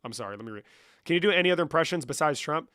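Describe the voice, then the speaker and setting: A man's voice: fairly high pitch, animated, very fast, pushed and bright, no echo, studio quality. Profane young man reading chat. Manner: profane, reads chat aloud and answers. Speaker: streamer. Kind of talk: casual live-stream chat.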